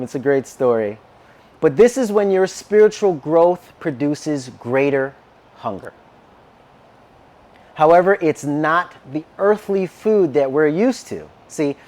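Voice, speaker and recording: A man delivers a sermon as a personal story, his fairly high voice swooping up and down. He is animated and acts out each line of dialogue. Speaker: minister.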